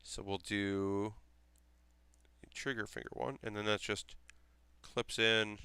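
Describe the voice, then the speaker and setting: A young man from South Carolina talks casually while he builds a model kit on a live stream, reassuring his viewers and thinking out loud. His voice is bright and very clear, caught close and dry on a desk mic. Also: on the low side, fairly even intonation, slow pace, no room sound. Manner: chatty, reassuring, thinks aloud with restarts.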